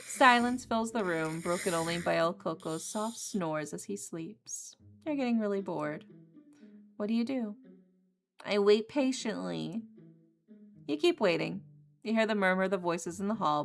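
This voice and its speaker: A woman's voice: medium pitch, gravelly. A woman streamer reading a visual novel game aloud in a casual, playful way. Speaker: gaming streamer.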